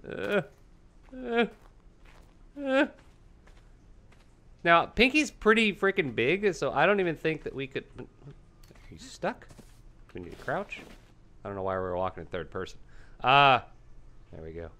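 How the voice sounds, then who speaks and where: A let's-play host giving casual gameplay commentary, excitable and talking to viewers and to the game animals. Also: medium pitch.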